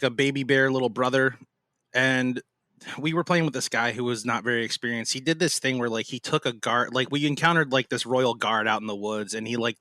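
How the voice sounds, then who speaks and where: A man's voice: mid-range voice, dry recording. A man chatting as a podcast guest, telling game stories with lots of fillers. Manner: animated storytelling with many fillers. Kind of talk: casual chat.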